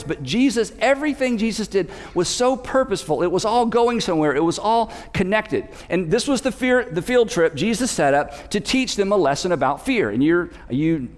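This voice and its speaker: A man preaching a sermon as pastor, telling a story with animated delivery and acting out shouted dialogue. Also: high voice. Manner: animated storytelling, acts out yelling disciples. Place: church auditorium. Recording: long hall reverb.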